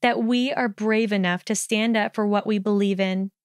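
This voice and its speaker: A woman voicing a sharp-tongued, haughty young witch in a storybook reading, speaking crisply and cuttingly. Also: mid-range voice, fairly even intonation, normal speed, no echo, clean studio sound, close to an everyday voice. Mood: defiant.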